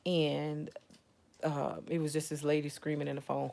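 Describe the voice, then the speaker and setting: A woman's voice: low voice, flat delivery, normal speed, gravelly, a little mellow. A woman in casual talk to her viewers, rambling and repeating herself, leaning on "you know" and "like". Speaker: self-described spiritual advisor. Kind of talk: casual storytelling to camera.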